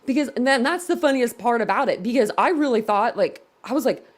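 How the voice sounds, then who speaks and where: A woman's voice: on the high side, expressive, fairly quick. A woman hosting a casual live reaction stream, giggling constantly and laughing to tears. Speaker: livestream host. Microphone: computer at desk.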